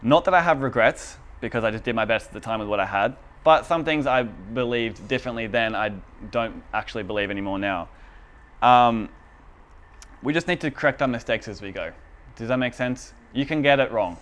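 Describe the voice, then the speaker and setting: A man's voice: mid-range voice, fairly quick, fairly bright tone. A man giving a casual, chatty teaching talk in a church room, often asking the audience whether they follow. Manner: chatty and informal, asks the audience for agreement.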